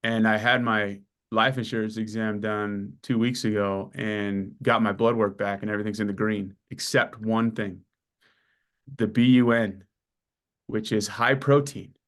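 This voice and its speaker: A man in his forties talks through his story in a loose, casual interview. He is animated and swears a lot, and he puts on the voices of the people he meets as he goes. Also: fairly low pitch, unhurried. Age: 40s. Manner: animated storyteller, acts out dialogue, swears freely. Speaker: client giving a testimonial.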